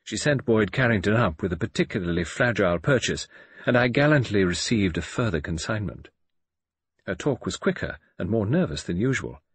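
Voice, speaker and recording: A man's voice: fairly low pitch, lively intonation, a little fast, breathy edge, no room sound. A man narrating an audiobook in the first person, reading dramatically and expressively.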